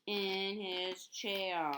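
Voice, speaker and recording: A woman's voice: medium pitch, little pitch movement, noisy background. A woman reading a novel aloud, stumbling and restarting often and spelling out hard names letter by letter. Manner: halting, with frequent restarts and repeated words. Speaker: audiobook reader. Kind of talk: amateur read-aloud of a novel.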